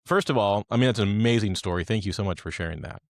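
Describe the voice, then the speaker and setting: A man's voice: lowish voice, fast talker, dry recording, clean studio sound. A man hosting an interview, praising and thanking his guest in an affirming way. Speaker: interview host. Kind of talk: podcast interview.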